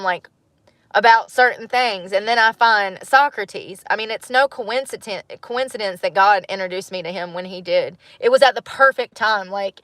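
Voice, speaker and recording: A woman in her thirties, talking to her channel in a casual, reflective monologue, musing and animated, with frequent laughs. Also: medium pitch, no echo. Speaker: vlogger.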